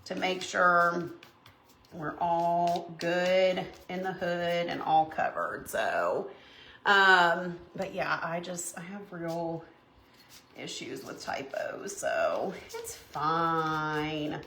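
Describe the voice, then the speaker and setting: A woman's voice: lowish voice, takes it slowly, sharp tone, slight background noise. A woman hosting a live craft show, chatting and laughing as she works. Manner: chatty, laughs often, says y'all. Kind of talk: casual live craft chat. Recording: echoey room.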